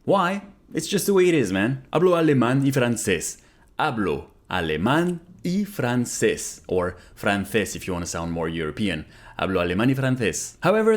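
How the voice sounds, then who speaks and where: Lively man repeating foreign phrases. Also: medium pitch. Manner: repeats phrases slowly after the app. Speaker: language learner vlogger. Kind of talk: casual language lesson narration. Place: Canada.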